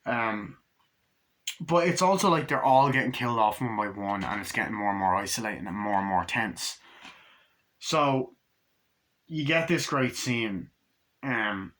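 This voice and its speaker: A man giving a casual, rambling movie review, excitable and full of profanity. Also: fairly low pitch, unhurried, long pauses.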